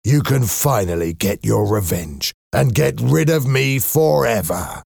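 A man's voice: mid-range voice, animated, measured pace, gravelly, darkish tone, breathy edge, no room sound, studio quality, voice pushed up, heavily acted. A man voicing a captive police inspector, stern and resigned.

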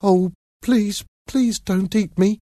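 A man voicing a frightened seven-year-old boy who stammers and pleads in a high, trembling voice. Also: a little slow, mellow, no echo, studio quality. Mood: terrified.

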